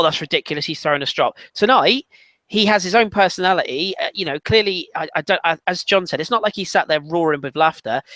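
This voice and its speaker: A man chatting on a football podcast, his voice sitting a touch high and sounding dry and close. He argues with animated emphasis, stumbling into restarts as he builds his point. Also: no echo. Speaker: podcast panelist. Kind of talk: casual football chat.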